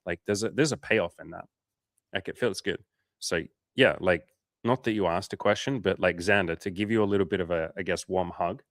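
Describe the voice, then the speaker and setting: A man's voice: brisk, fairly bright tone, no echo, clean studio sound. A man coaching viewers on a livestream, talking bluntly and casually, swearing now and then. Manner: blunt, casual, swears, acts out quotes in higher voices.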